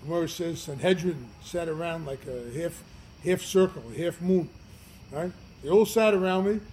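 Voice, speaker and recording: Rabbi giving a class, slightly high voice, earnest and emphatic, faint noise behind him. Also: male voice, moderate pace, low-quality recording. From United States. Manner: earnest, emphatic, swings from loud to quiet. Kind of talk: storytelling Torah class.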